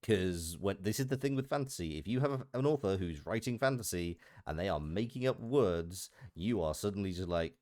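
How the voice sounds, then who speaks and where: A man with a Merseyside accent talks casually and thoughtfully, working through his ideas out loud. His voice sits very low. The sound is dry and close, with no room around it. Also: lively intonation, fairly quick, hardly any pauses, no echo. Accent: Merseyside English. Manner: thoughtful, explanatory. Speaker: voice actor. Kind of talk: casual chat on a live stream.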